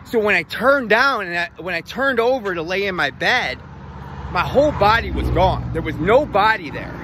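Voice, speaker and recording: A man with a notably high voice tells a long personal story in a rambling, profane, animated way. Faint street and car noise hums behind him. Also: normal speed. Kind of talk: casual storytelling.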